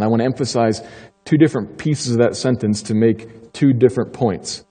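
A man preaching a sermon as pastor, emphatic and slowing down to stress key phrases. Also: medium pitch, mellow, breathy edge, in a large hall.

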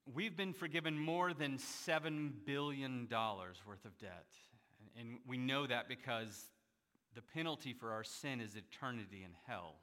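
A man's voice: medium pitch, moderate pace, pushed and bright. A male pastor giving a conversational sermon, acting out the voices in the stories he retells. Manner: conversational preaching, acts out quoted voices.

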